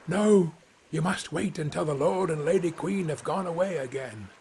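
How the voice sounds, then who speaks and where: A man's voice: a little high, normal speed, creaky, darkish tone, a little hiss or hum, voice pushed up. A man voicing a knowing, cautious male wolf in a storybook fable. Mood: cautioning.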